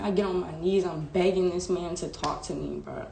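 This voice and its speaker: A young woman speaks at normal speed in a fairly low, mellow voice with vocal fry and fairly even intonation, sharing a candid, emotional story with her live-stream viewers. She uses "like" and "bro" a lot. The stream comes from a phone in an echoey room with a faint hiss.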